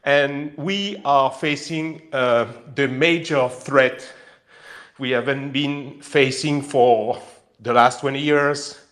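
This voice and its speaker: A man with a French accent speaks up in an online voice chat. He is emotional and halting, full of pauses and restarts as he reaches for the words. His voice sits at an ordinary middle pitch. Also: a bit bright. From France. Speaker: caller. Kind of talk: live audio chat.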